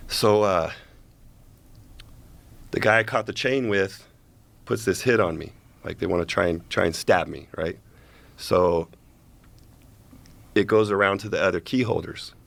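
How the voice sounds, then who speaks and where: A man's voice: sits low, creaky. A man casually telling a long story as a guest, profane and rambling, checking in with "right?" as he goes.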